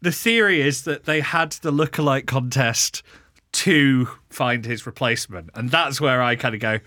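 A man's voice: medium pitch, moderate pace, pushed and bright, dry recording, studio quality. A man presenting a story in a casual podcast chat, amused and given to fillers and laughs. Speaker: podcast co-host presenting a topic.

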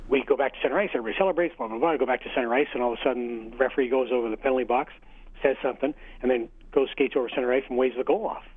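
Husky middle-aged man on a tinny phone line. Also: mid-range voice, racing. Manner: analytical, then tells anecdotes with animated retelling. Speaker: hockey analyst and former coach, radio guest. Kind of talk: phone-in interview. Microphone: telephone line.

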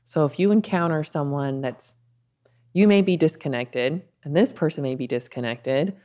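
Low-voiced woman, calm and earnest. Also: moderate pace. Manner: calm, earnest, speaks in spiritual terms. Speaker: podcast guest. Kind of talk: spiritual conversation.

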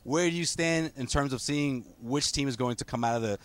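A man hosting a sports podcast, asking questions in a relaxed, teasing way. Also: medium pitch, a little fast. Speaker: podcast host. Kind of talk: casual sports chat.

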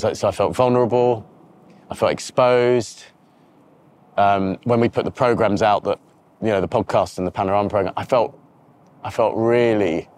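A man's voice: on the low side, darkish tone. A man, a TV presenter being interviewed outdoors by a river, talking candidly and reflectively with frequent restarts.

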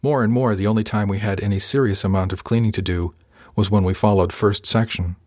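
This audiobook narrator is a man whose fairly low voice reads a first-person story evenly and with measured pacing. The recording is dry and the studio sound clean.

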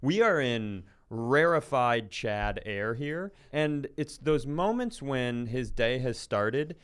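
A man's voice: mid-range voice, animated, takes it slowly, fairly bright tone, smooth. A man co-hosting a comedy podcast, playfully building absurd bits and laughing often in casual banter.

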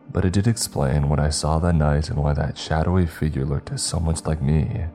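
A man narrating a first-person horror story in a measured, confessional way. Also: very deep voice, warm tone. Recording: faint music bed under narration.

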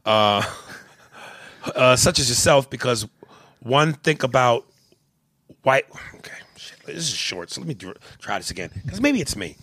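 A man's voice: mid-range voice, big pitch swings, measured pace, long pauses, sharp tone, dry recording, clean studio sound. A man co-hosting a casual podcast, joking loosely and swearing often while he reads listener mail. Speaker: podcast co-host.

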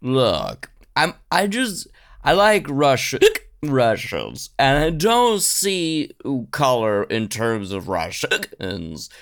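A man's voice: medium pitch, huge pitch swings, takes it slowly, a bit bright, exaggerated voice. Man playing a stubborn, muddled old president. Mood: rambling. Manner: babbling, stubborn, going in circles. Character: confused older male president, stubborn.

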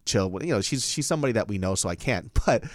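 Young man, podcast host, lively swooping pitch, profane storytelling, dry close sound. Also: fast, dry recording. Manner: animated, profane, jumps high into mimicked quotes. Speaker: podcast co-host and stand-up comic. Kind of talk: casual storytelling.

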